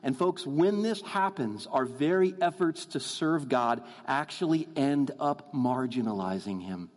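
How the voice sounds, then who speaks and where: A man preaching a sermon in a church, earnest, calling his listeners "folks" and slowing down to stress his points. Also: mid-range voice, animated. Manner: earnest, addresses the crowd as folks, slows down for emphasis. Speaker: guest preacher. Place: church sanctuary. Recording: long hall reverb.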